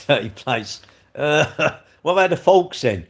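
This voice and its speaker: A man's voice: a little high, animated, takes it slowly. A man, hosting a live stream and rambling jokily as he answers viewers' comments. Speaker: livestream host reading chat. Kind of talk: casual live chat.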